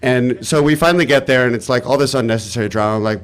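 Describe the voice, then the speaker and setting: A man telling a personal story live on stage, animated and exasperated, swearing freely. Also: mid-range voice, fast, hardly any pauses.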